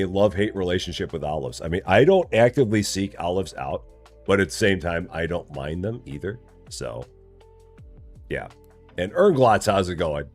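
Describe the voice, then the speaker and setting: A man streaming a game live, chatting casually, reading chat aloud and joking in a rambling way. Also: sits low.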